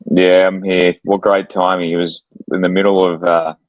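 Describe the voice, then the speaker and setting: A man with a very deep, flat voice chats with a laid-back, hesitant manner. The sound is dull and lo-fi. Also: moderate pace. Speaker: podcast co-host.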